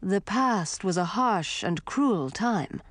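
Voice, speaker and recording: A woman voicing a stern ghostly old king who speaks slowly and solemnly in a storybook. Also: medium pitch, lively intonation, no room sound. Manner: slow, solemn, menacing.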